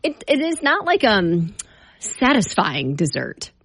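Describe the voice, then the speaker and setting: A woman's voice: mid-range voice, very animated, takes it slowly, a bit bright, breathy edge, no echo. A woman co-hosting a radio show, chatting emphatically and playfully about food and her kids. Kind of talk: casual radio banter.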